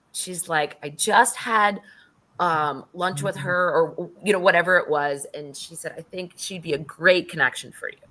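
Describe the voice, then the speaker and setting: A woman's voice: lowish voice, fairly bright tone. A middle-aged woman speaking as an interview guest, telling a personal story with casual swearing and acted-out quotes.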